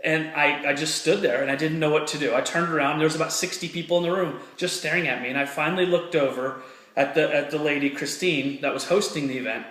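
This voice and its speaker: A fired-up man talks straight to camera in a motivational style, his voice sitting high for a man. He is earnest and hammers his points home by repeating them. The room around him is echoey. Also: steady tone, fast, fairly bright tone. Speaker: motivational speaker. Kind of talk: personal story and motivational talk to camera.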